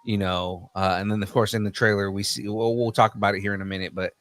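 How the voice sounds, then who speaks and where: A man co-hosting a casual pop-culture podcast, enthusiastic but halting, with frequent fillers and restarts. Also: fairly low pitch, flat delivery, no room sound. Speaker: podcast co-host.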